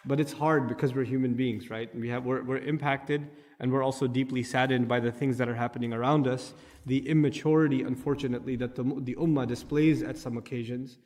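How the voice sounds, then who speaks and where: A man's voice: medium pitch, darkish tone, in a large hall. A man giving a Quran commentary lecture, explaining Arabic terms and growing impassioned as he speaks. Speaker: Quran teacher. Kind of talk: tafsir lecture.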